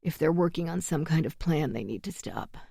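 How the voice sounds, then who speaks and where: A woman reading the lines of a frightened male hostage relaying a killer's threats in an urgent, halting way. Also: low voice, animated, creaky, mellow, breathy edge, no echo, clean studio sound, exaggerated voice. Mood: urgent, strained.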